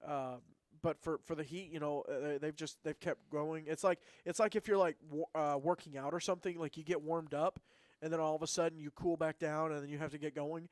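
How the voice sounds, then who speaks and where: A man co-hosts a casual sports radio show and chats on in a rambling, teasing way. His voice sits a little high for a man, and the sound is dry and close. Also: steady tone, fairly quick, no echo. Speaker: sports radio co-host, former player.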